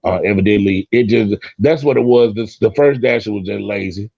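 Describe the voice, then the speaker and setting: Low, gravelly man from Florida; emphatic, talkative, dry and slightly muffled. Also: a little fast, dry recording. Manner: talkative, emphatic, repeats himself. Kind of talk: casual chat. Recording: dull lo-fi sound.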